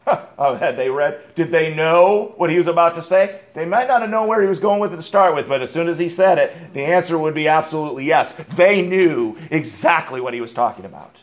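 A man preaching a sermon as pastor, emphatic, asking rhetorical questions and dropping to quiet asides. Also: on the high side, expressive, brisk, few pauses.

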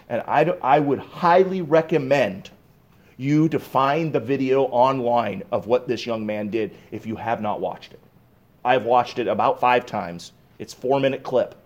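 A man preaching a sermon, swinging from emphatic raised bursts to low, hushed reflection. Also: highs cut off. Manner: emphatic, rising to raised bursts on key points. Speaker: pastor.

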